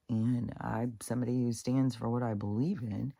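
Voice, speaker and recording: A woman's voice: a bass voice, steady tone, moderate pace, gravelly, few pauses, mellow, husky, no echo. A woman venting in a casual spoken monologue, rambling and profane, with restarts and laughs. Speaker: vlogger.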